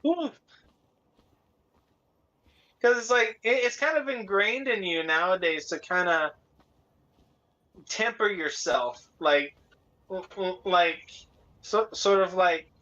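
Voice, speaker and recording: A man's voice: high-pitched, lively intonation, slow, pushed and bright. A man co-hosting a casual chat, rambling with many fillers and laughing often. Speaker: podcast co-host. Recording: dull lo-fi sound.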